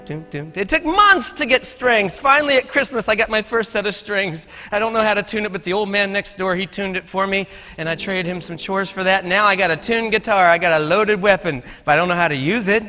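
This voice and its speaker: High bright guy telling jokey folksy stories on a stage, big echoey hall. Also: fairly quick, few pauses. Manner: folksy, joking storyteller. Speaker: conference speaker. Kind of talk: storytelling keynote talk. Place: conference stage.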